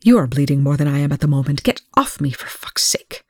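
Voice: mid-range voice, lively intonation, fairly quick, slightly rough, no room sound. A reader doing a sardonic, clipped male scientist. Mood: curt. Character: sharp-tongued, provocative male scientist.

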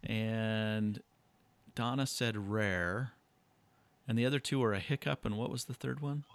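A man playing along in a casual word game with friends, thinking out loud. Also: lowish voice, fairly even intonation, unhurried. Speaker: game contestant. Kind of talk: casual chat.

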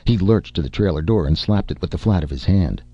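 A man reading a story aloud as a narrator, in measured scripted narration. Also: deep voice, expressive, warm tone, husky, no echo, dull audio. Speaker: audiobook narrator.

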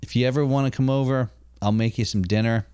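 A man's voice: medium pitch, steady tone, warm tone, clear, resonant tone, no room sound, studio quality. A man co-hosting a podcast, chatting casually in an upbeat, jokey way. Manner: upbeat, jokey, quick to laugh. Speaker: podcast co-host.

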